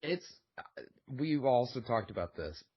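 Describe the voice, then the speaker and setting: A man co-hosting a podcast, talking in a relaxed, rambling way with many fillers and casual swearing. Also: medium pitch, measured pace, husky. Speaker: podcast co-host. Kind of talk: casual chat. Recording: dull lo-fi recording.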